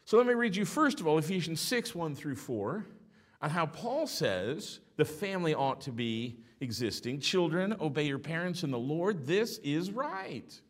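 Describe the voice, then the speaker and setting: A middle-aged man preaching a sermon as pastor, telling stories with animated swings between hushed and loud delivery. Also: fairly high pitch, measured pace.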